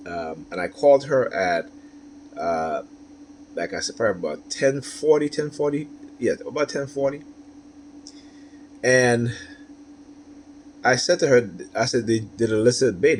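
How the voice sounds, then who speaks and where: A man's voice: medium pitch, expressive, unhurried, pauses often, a little hiss or hum. A man talking through a personal story, rambling and often asking "right?" with many fillers. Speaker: commentator. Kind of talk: personal monologue.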